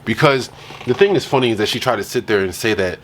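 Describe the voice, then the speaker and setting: Lively exasperated man giving reaction commentary. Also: fairly low pitch, quick pace, a little hiss or hum. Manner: exasperated, slangy, repeats his points. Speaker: reaction channel host.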